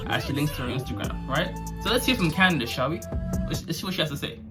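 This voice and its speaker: A man's voice: a little high, expressive, quick pace, music in the background. A man hosting a casual commentary vlog, talking in slangy, sarcastic and mocking asides. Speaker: commentary channel host.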